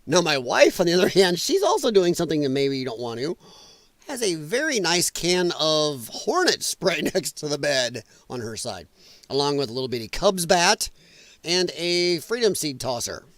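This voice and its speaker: A man's voice: a little high, very animated, moderate pace, a bit bright, no room sound. A middle-aged American man from the Midwest hosting a political commentary stream, ranting with profanity and sarcasm. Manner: profane, sarcastic, mocking mimicry of others.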